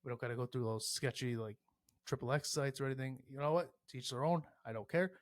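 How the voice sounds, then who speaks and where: A man's voice: medium pitch, fast, dry recording, clean studio sound. A man hosting a podcast alone, rambling casually and cursing often, comparing everything to sports. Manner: profane, rambling, animated with sports analogies. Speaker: podcast host. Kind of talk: casual solo podcast rant.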